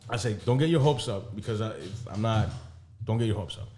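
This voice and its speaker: A man's voice: fairly low pitch, animated, fairly quick, warm tone, a little hiss or hum. A young adult man casually telling a long personal story on a podcast, acting out both sides of a conversation with lots of profanity and laughter. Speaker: podcast co-host.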